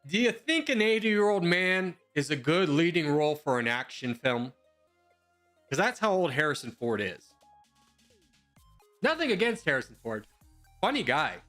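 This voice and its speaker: A man's voice: fairly high pitch, very animated, a little slow, long pauses, a bit bright, soft background music. Joking young man chatting with stream viewers. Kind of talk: casual live-stream chat with viewers. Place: home.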